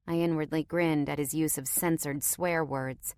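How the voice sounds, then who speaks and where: A woman's voice: low-pitched, fairly even intonation, moderate pace, hardly any pauses, a little mellow, clean tone, no echo. A woman narrating a story in the first person with a wry, conversational tone, recorded close to the microphone.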